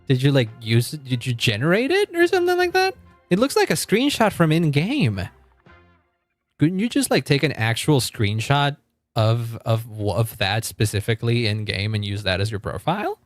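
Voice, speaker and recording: A male game streamer talking loosely to his chat, his pitch swinging up and down as he goes. He rambles, stops and restarts his thoughts, and breaks into laughter often. Faint music plays behind him. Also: sing-song, normal speed, dry recording. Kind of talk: casual live-stream chat.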